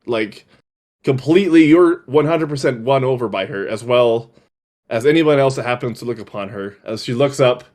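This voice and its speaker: A man's voice: medium pitch, moderate pace, darkish tone. A man narrating as game master, rambling with many fillers.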